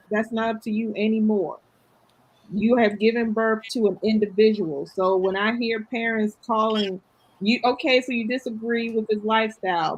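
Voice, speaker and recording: Husky woman podcast co-host. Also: fairly high pitch, rough recording. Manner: assertive, lecturing tone. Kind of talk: casual chat.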